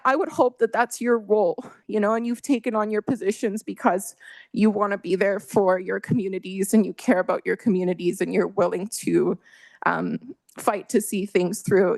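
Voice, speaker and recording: A woman's voice: mid-range voice, dry recording. Woman, earnest council delegate, emotional, filler-heavy, dry close recording. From Canada. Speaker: resident delegate at council meeting. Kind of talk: public comment speech.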